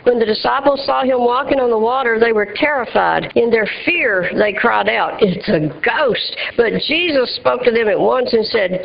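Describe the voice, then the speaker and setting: A woman's voice: on the high side, vocal fry. A woman preaching a sermon in an emphatic, rhythmic style, speaking to a responding congregation. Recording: dull lo-fi church recording.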